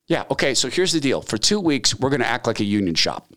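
Animated man telling a workplace story. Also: medium pitch, quick pace. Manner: lively anecdotes, acting out dialogue. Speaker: podcast host. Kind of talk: casual storytelling chat.

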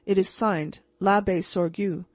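Grumpy stubborn old mayor guy read by a woman, husky voice, kinda muffled dry audiobook sound. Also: medium pitch, fairly even intonation, unhurried, no echo, close to an everyday voice. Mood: grim, stubborn. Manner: querulous, obstinate. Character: stubborn grim old male village mayor. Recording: slightly muffled, dry recording.

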